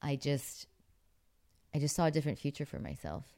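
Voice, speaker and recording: Middle-aged actress from Pittsburgh, chatty interview guest, very deep and smooth for a woman. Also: very animated, fairly quick, mellow. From Pittsburgh, USA. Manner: chatty, many fillers, laughs often. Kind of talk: relaxed interview storytelling.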